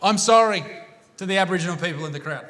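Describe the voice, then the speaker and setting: A man with an Australian accent doing live stand-up comedy, brash and crude, talking loudly into a handheld stage mic. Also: high voice, quick pace, very noisy. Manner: brash, crude and loud, bursting into shouts. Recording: long reverb of a live venue.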